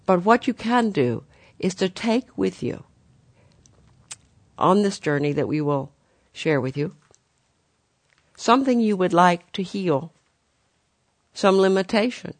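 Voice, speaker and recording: Spiritual teacher, gentle guiding delivery, mid-pitched voice, dry and close recording. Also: dry recording. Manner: gentle, guiding, addresses listeners as "dear ones".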